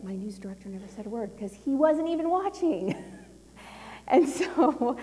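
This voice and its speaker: A middle-aged woman speaks to a conference crowd in a loose, storytelling way, with plenty of laughter and fillers. Her voice sits in a middle pitch and carries a long reverb off the walls of a large hall. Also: creaky. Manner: chatty and animated, laughing often, with lots of fillers. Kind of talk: casual personal storytelling talk.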